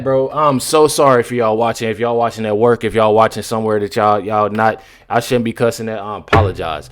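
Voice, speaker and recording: Young male reactor, casual and exasperated, middle pitch, talks over a clip. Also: a little fast, few pauses, fairly bright tone. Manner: exasperated, repeats "bro" and "y'all". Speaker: YouTube reaction commentator.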